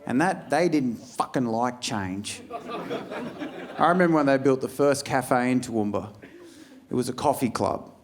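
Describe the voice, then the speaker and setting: A man in his forties with an Australian accent, doing blunt, sweary stand-up comedy in a large venue. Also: a little slow. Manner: blunt, swearing, jumps into loud high-pitched bits. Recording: live stage recording with audience noise.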